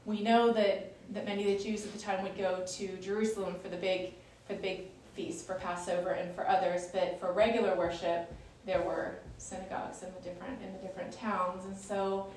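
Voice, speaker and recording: A woman's voice: medium pitch, flat delivery, brisk, few pauses, darkish tone, a little hiss or hum. Woman teaching scripture in an echoey room. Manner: chatty and explanatory, with fillers and restarts. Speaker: Bible study leader. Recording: echoey room, distant mic.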